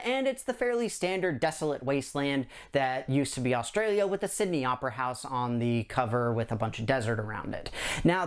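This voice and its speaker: A man's voice: on the high side, smooth. A middle-aged man hosting a board game channel, chatting through a countdown list in an enthusiastic, rambling way. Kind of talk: casual countdown chat to camera.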